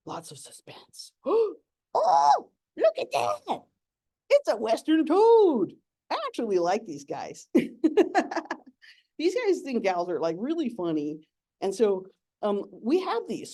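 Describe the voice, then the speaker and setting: A woman's voice: fairly low pitch, mellow. A young adult woman giving a playful, giggly nature talk as an educator.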